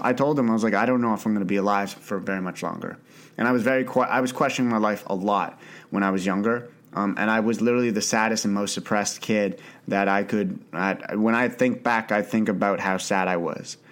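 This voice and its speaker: A young man hosting a solo podcast, talking earnestly and off the cuff with frequent restarts and the odd swear word. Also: on the low side. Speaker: podcast host. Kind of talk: unscripted solo podcast monologue.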